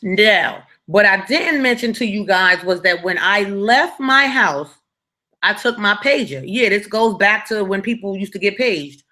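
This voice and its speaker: A woman's voice: mid-range voice, unhurried, pushed and bright. A young woman casually telling a personal story to her viewers, slangy and conversational, often checking that listeners follow.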